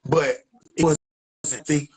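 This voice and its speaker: A young man with an Atlanta, Georgia accent, telling a story in a casual, animated and profane way and acting out the other voices. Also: on the high side, very slow, breathy edge, rough recording.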